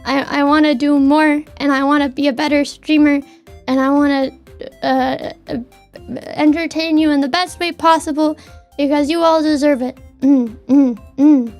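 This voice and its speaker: A woman's voice: high-pitched, fairly even intonation, normal speed, a little mellow, soft background music. A young woman streamer chatting casually from her desk at home, stammering and repeating words as she talks heartfelt. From Canada. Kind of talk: casual chat.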